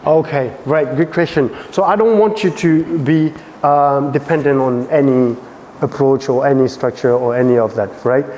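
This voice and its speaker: A man with a French accent teaching a dance workshop, animated and often checking that students follow. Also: medium pitch, normal speed, long reverb tail, a little hiss or hum. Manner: animated, asks frequent check questions.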